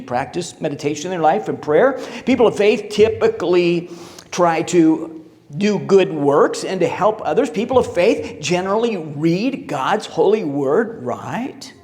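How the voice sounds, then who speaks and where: In a reverberant church hall, a male pastor preaches unhurriedly, telling stories and asking his congregation questions. His high, slightly mellow voice swings widely in pitch.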